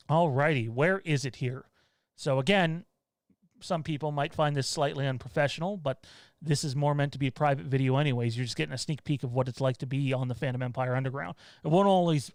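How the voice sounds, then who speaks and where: A man's voice: medium pitch, no echo. A man hosting a casual livestream from home, rambling and blunt, turning heated with swearing. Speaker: show host.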